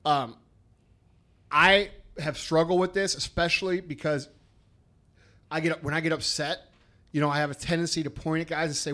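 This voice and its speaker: A man's voice: on the high side, steady tone, moderate pace, pauses often, sharp tone. A man co-hosting a business podcast, talking bluntly and emphatically with lots of swearing. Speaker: podcast co-host. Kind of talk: casual business podcast chat.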